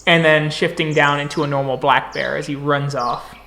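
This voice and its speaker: A man narrating as game master of a tabletop game, describing scenes slowly and in detail. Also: fairly high pitch, steady tone, gravelly, pushed and bright, slight background noise.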